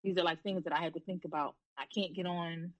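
A woman's voice: lowish voice, fairly even intonation, fast talker, low-quality recording. A woman in her thirties, a podcast guest, telling her own story frankly and bluntly with casual swearing. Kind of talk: candid personal storytelling.

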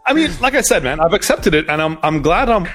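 A man's voice: fairly high pitch, fast, faint music behind. A man being interviewed on a podcast, telling stories in a loose, chatty way and acting out what others said. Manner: animated storyteller, acts out quoted voices. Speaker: podcast guest. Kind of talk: casual interview storytelling.

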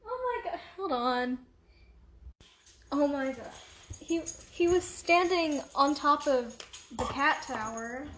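A woman's voice: high voice, echoey room. A young woman chatting casually and rambling at home, distracted, with lots of fillers. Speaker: vlogger. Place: room at home.

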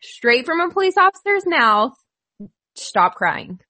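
A woman's voice: sits high, sing-song, unhurried, bright, forceful tone. A young woman co-hosting a podcast, chatting in a bubbly way and saying "like" a lot. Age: young adult. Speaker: podcast co-host. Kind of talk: casual chat.

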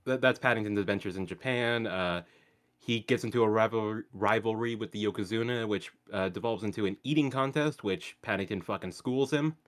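Sardonic low-voiced male podcaster. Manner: sardonic, swears casually, halting restarts. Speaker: podcast co-host. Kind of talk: casual chat.

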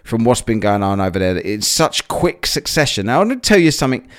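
An English man hosts a casual solo podcast, his medium-pitched voice very animated and a little fast. He rambles and chats with plenty of fillers, sounding a bit out of breath after a workout.

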